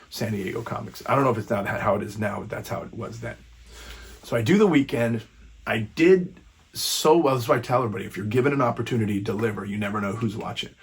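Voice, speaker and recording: A man's voice: lowish voice, gravelly, husky. A stand-up comedian in his fifties telling a rambling, profane story in a casual vlog. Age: 50s. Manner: rambling, profane, frequent restarts.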